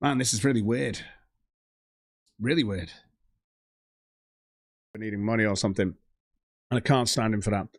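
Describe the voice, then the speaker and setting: A man's voice: lowish voice, moderate pace, long pauses, no echo, studio quality. A man hosting a livestream, ranting heatedly and profanely about a rival streamer and reading out viewer donations. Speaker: stream host.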